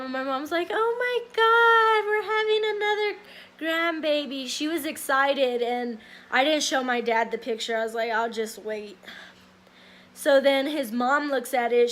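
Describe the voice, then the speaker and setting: High-voiced young woman telling a story. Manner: rambling, many likes and ums. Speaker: vlogger. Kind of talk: casual story time.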